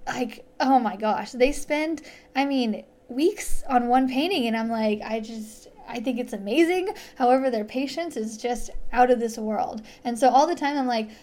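A woman's voice: fairly high pitch, darkish tone. A young adult woman hosting a casual solo podcast, chatty and rambling, with frequent giggles, fillers and restarts, close on a microphone. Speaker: podcast host. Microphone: studio microphone.

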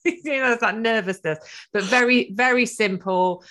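A woman's voice: medium pitch, normal speed, a bit bright. A woman hosting a podcast interview, talking in a chatty way with many restarts and murmured agreement. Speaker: podcast host. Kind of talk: casual interview chat.

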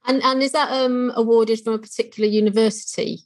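Welsh woman, podcast host, chatty, quick to laugh. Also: fairly high pitch, fairly even intonation. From North Wales. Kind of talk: casual interview chat.

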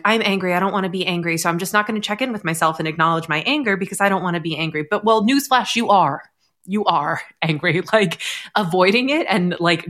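Chatty woman host, candid and animated. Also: lowish voice. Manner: candid, animated storytelling, acts out quotes. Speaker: podcast host. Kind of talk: casual conversational interview.

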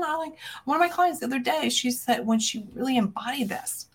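A woman's voice: high voice, fast talker. A woman podcast host and business coach giving emphatic, fervent motivational talk, speaking straight to her listeners as friends. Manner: emphatic, fervent, punchy declarations with big swings in loudness; addresses listeners directly as friends.

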